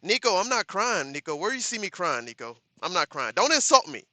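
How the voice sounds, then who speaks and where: Streamer guy reading chat out loud, bright sharp voice, dry close mic, talks back straight and firm. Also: sits high, very animated, brisk, no echo. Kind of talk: casual live stream chat.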